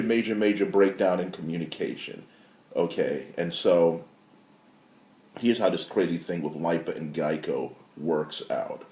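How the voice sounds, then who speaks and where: A man giving a casual, animated commentary as a marketing consultant, building to emphatic outrage. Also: on the low side, echoey room. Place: his apartment.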